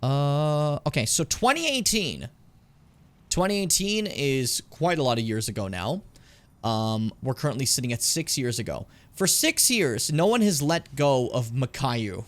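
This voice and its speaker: Animated, cursing young male game streamer. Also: mid-range voice, unhurried. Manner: chatty, swears a lot, talks to chat. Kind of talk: casual gameplay commentary.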